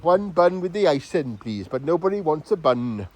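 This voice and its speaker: A man's voice: a little high, sing-song, normal speed, pitched below the performer's own voice, rough recording. A man voicing a fussy male Welsh baker in a put-on Welsh accent.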